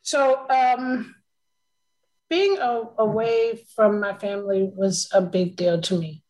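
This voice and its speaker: A woman telling a personal story in casual conversation, emotional and open, laughing often. Her voice sits at a middle pitch for a woman. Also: takes it slowly, a little mellow, low-quality recording.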